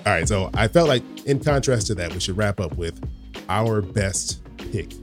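A man's voice: fairly low pitch, lively intonation, normal speed, music in the background. A man co-hosting a casual chat about movies, laughing often as he talks. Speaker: co-host.

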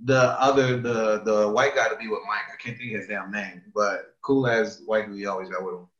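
A man chatting casually, retelling a story with animated quoting and plenty of swearing. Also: lowish voice, a little fast. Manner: animated storytelling, retells quotes with lots of profanity. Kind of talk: casual chat. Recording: echoey room, dull lo-fi sound.

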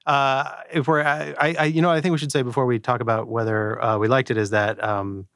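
Guy cohosting a podcast, kinda gravelly, rambles with lots of ums. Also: medium pitch, fairly even intonation, brisk, fairly bright tone, dry recording, studio quality. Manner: rambling, many fillers and restarts. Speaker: podcast co-host. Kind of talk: casual podcast chat. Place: shared recording room.

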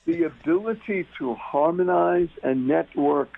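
A man's voice: on the high side, a little slow, gravelly, crowd noise. A man talking as a guest on a talk radio show, emphatic and repeating key words for stress. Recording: muffled phone-line radio sound.

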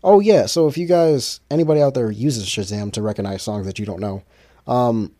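An independent musician on his own podcast speaks in a brisk, mid-range voice with a dark tone. Talking casually to listeners by himself, he drifts from point to point, restarts sentences, and fills silences with fillers.

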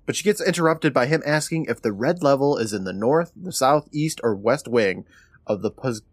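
Lively podcast host recapping. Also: male voice, medium pitch, no room sound, clean studio sound. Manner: animated retelling, quick laughs. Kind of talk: casual episode recap.

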